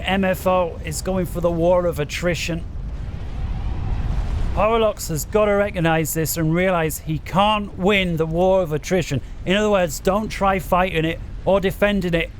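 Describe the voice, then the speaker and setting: A man commentating a strategy game match with rising excitement, urging the players on and bouncing in his chair at a desk microphone. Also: high-pitched, a little hiss or hum.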